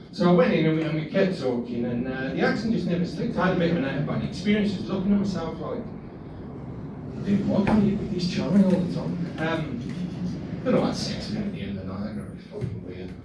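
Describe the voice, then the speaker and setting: In a small pub comedy room, a man races through a rambling, sweary, self-mocking stand-up set that's still a work in progress. His voice is on the high side and very animated. The room is echoey, the mic distant, and the recording noisy.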